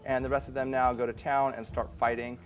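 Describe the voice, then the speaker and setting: A man's voice: medium pitch, little pitch movement, fairly quick. Man narrating his own speedrun. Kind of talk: casual gameplay narration. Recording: faint game music behind.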